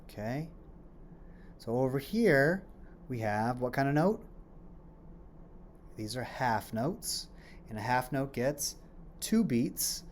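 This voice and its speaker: A man's voice: mid-range voice, a little mellow, a little hiss or hum. A man teaching a children's music lesson on rhythms, explaining patiently, asking questions and then answering them, and chanting rhythm syllables as he claps.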